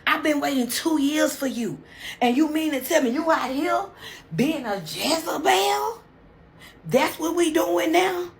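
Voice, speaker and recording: A man's voice: very high voice, animated, slow pace, roomy sound, slight background noise, heavily acted. Woman doing a furious betrayed fiance. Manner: indignant, shouting questions. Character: betrayed fiance, young man, hurt and furious.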